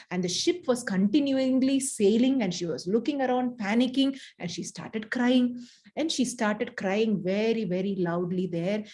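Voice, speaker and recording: Woman, Indian English accent, higher voice, study-group leader, halting storyteller. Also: a little mellow. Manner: halting, many fillers and restarts. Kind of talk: scripture study class storytelling. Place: home study group, Bangalore.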